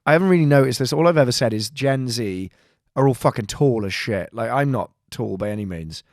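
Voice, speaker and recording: A man co-hosting a casual comedy podcast, spinning stories with sweary asides and mock voices. His pitch sits right in the middle for a man. The sound is close and dry, with no room around it. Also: expressive, fairly quick, no room sound. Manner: storytelling with sweary banter and mock impressions. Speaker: podcast co-host and actor.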